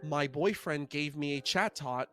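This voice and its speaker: A man imitating a soft-spoken, polite young woman with a British-sounding voice while retelling a story. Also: fairly high pitch, measured pace, faint music behind, pitched below the performer's own voice. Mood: polite calm.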